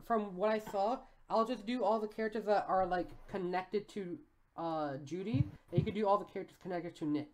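A woman's voice: mid-range voice, brisk, few pauses, a little mellow, a little hiss or hum, low-quality recording. A woman co-hosting a podcast, chatting casually and laughing easily. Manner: giggly, easily amused. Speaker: podcast co-host. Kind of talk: casual comedic chat.

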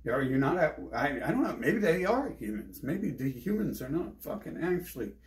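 A man's voice: on the high side, big pitch swings, normal speed. A man streaming alone, ranting in a restless, agitated way, swearing heavily and jumping from topic to topic. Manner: heavy swearing, restless, jumps between topics. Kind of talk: agitated rambling monologue.

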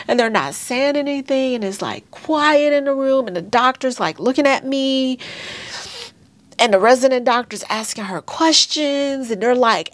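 A woman in her thirties tells her own painful story to her viewers, halting and emotional, calling them y'all. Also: high voice, lively intonation, a bit bright. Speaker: vlogger sharing a birth story. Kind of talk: personal storytelling to camera.

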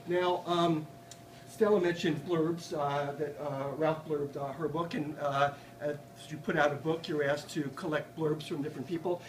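A man giving a live poetry reading in a bookstore, with chatty, halting asides between poems read in a dry, deadpan way. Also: on the high side, a little hiss or hum. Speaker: poet reading his work. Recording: roomy audience recording from far off. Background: audience laughter.

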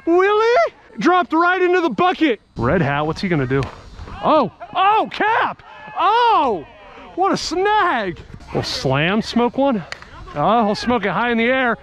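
A man vlogging his softball game outdoors, giving excitable, jokey play-by-play and cheering teammates on by nickname. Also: very high voice, takes it slowly.

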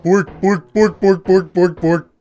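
A man's voice: high-pitched, steady tone, slow pace. A man putting on a goofy mock-Swedish cook. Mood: goofy chanting. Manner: singsong nonsense chanting, loud. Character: gibberish-spouting mock Swedish cook, silly.

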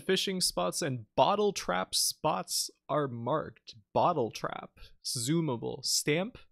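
A man's voice: fairly high pitch, fairly bright tone, no echo, clean studio sound. A man streaming a game live, chatting casually with viewers, teasing them and reading menus aloud.

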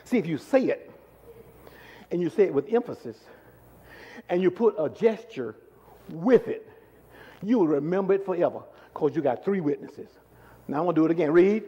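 A male pastor leads his congregation through scripture in a call-and-response sermon, firing the same questions again and again. His voice sits high and leaps all over its range, and the long echo hangs behind every line. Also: animated, normal speed, pauses often, slightly rough. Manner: drills the congregation with repeated questions; swings from loud calls to low asides. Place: large church sanctuary. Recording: echoey church hall.

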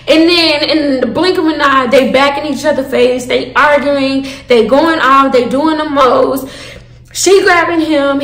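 A young woman telling a storytime to her viewers, animated and profane, calling them y'all. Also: high voice, reverberant. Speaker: storytime vlogger. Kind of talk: casual storytime.

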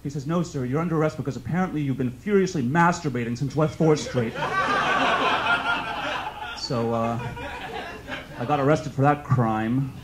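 A young man from New York performing a stand-up comedy set in a club, telling stories casually and breaking into loud shouted bursts. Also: mid-range voice, normal speed, pauses often, heavy background noise. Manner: conversational storytelling, bursts into loud shouted outbursts.

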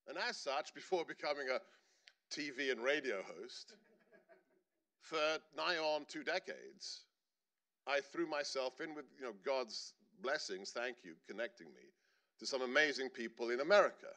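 A man's voice: medium pitch, expressive, normal speed, pushed and bright. A middle-aged man telling a personal story on stage at a panel, earnest and building to emphatic points. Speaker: panelist speaker.

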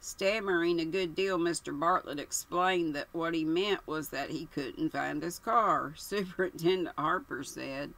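An older woman reading a mystery novel aloud in a plain, steady narrating voice. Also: low-pitched, measured pace, hardly any pauses, low-quality recording. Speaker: audiobook reader.

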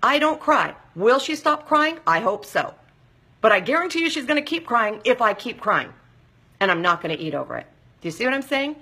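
A woman's voice: mid-range voice, bright, forceful tone, slightly rough. A middle-aged woman hosting a live talk show, coaching listeners directly and checking in with them often. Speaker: weight-loss counselor hosting a live show.

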